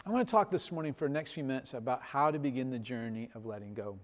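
A man preaching a sermon as pastor, telling a story with big swells in loudness and soft, trailing phrase endings. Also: mid-range voice, fast, long reverb tail. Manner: animated storytelling, swells loud on punchlines, drops soft at ends.

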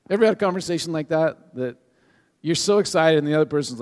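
A male pastor giving a sermon to his congregation in a conversational, animated way, with frequent restarts. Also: on the high side, quick pace. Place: church sanctuary with a live congregation. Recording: long hall reverb.

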